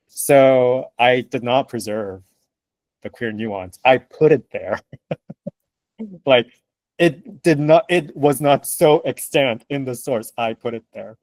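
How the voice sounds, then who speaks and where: A man of middle pitch answers interview questions as a translator. He talks with lively emphasis, laughs easily and acts out the remarks of others. The sound is dry and close, with no room echo. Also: a little slow. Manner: animated and emphatic, laughing, acting out quoted remarks. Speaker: translator, guest.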